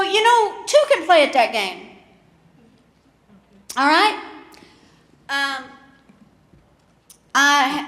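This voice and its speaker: A woman performing a stand-up comedy set, folksy and self-mocking, jumping up high on her punchlines. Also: a bit bright. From Kentucky, US. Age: 50s. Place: comedy club stage before a live audience. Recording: roomy live venue with audience noise.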